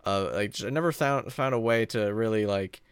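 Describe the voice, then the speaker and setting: Rambling man, smooth clear voice. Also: fairly low pitch, moderate pace, dry recording, clean studio sound. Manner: rambling, many fillers and self-corrections. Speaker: podcast host. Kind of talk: casual solo monologue.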